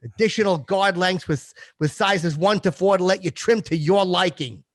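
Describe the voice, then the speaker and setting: A man's voice: high voice, moderate pace, no room sound, studio quality. A man hosting a comedy podcast as a crude, boastful character, reading an ad as rude banter. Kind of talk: crude comic ad read in character.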